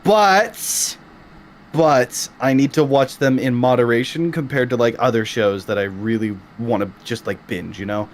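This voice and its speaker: A man's voice: medium pitch, unhurried. A man chatting casually and offhandedly with a co-host. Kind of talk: casual chat on stream. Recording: faint background noise.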